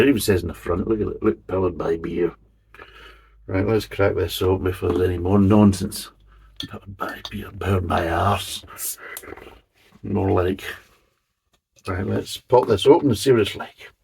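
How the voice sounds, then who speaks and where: A man's voice: deep voice, vocal fry, darkish tone, slightly rough. A man hosting a casual beer review, grumbling and swearing between jokey asides as he reads the label.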